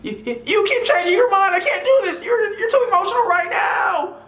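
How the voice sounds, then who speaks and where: A man doing a panicky crying grown man, shrill high whine, roomy echo. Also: lively intonation, moderate pace, bright, forceful tone, full character voice. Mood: whiny panicking. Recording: echoey room with faint music.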